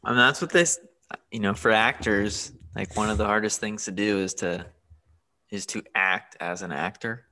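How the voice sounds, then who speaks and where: A man's voice: on the low side, moderate pace, sharp tone. A man in casual chat, giving dry, terse replies.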